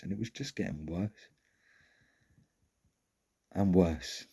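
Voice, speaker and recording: A man's voice: low-pitched, takes it slowly, long pauses, warm tone, husky. A middle-aged man tells a personal story in a frank, candid way and swears casually.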